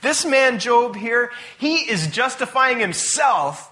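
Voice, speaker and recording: A man's voice: on the high side, lively intonation, normal speed, bright, forceful tone. A man voicing a young man who is fed up and launches into a heated rant. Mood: indignant. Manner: heated, ranting.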